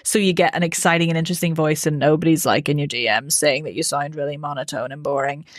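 A woman, a voice coach answering interview questions in a clear, methodical, upbeat way. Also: low voice, fairly even intonation, fast talker, no echo, studio quality. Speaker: voice coach, podcast guest.

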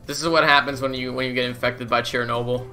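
A man's voice: medium pitch, steady tone, fast, bright, forceful tone, faint music behind. A young man giving casual, goofy commentary as he plays a game, laughing often and swearing casually. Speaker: gaming YouTuber.

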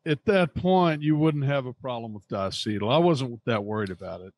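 A man's voice: mid-range voice, expressive, moderate pace, darkish tone. A man co-hosting a homebrewing podcast, talking in a rambling, teasing way. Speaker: podcast co-host. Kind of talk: casual podcast chat.

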